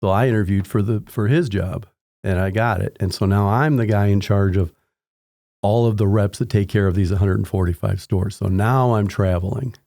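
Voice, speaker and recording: A man in his sixties speaks in a low, mellow voice as a podcast guest, winding through long anecdotes full of restarts. His voice sounds dry and close, with no room sound behind it. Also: steady tone, normal speed, no room sound. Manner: rambling anecdotes with frequent restarts, acting out quoted people in raised voices. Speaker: podcast guest, home inspector. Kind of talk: casual storytelling interview.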